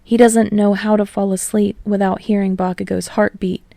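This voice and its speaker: A woman narrating fan fiction aloud, steady and slowing on emotional passages. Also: mid-range voice, creaky, no echo. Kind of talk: audiobook narration.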